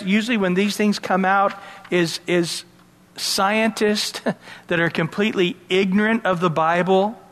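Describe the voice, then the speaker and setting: A man's voice: sits high, a bit bright. Male pastor teaching in a reverberant hall. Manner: expository Bible teaching, conversational with asides. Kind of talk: sermon.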